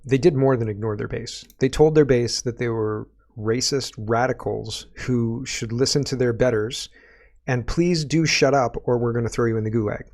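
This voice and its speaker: A man's voice: medium pitch, moderate pace, darkish tone. A man hosting a political commentary show, sarcastic and rambling, often tagging his points with a rhetorical question.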